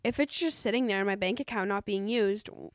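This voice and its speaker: Earnest young woman, smooth clear voice. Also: mid-range voice, fairly quick, dry recording. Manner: earnest, rambling with many "like"s. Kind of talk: casual chat.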